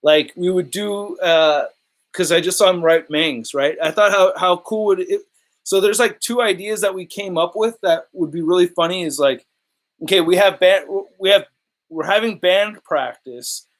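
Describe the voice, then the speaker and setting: A man's voice: sits high, normal speed. A man hosting a casual live stream about toy collecting, rambling and joking, often laughing and repeating himself.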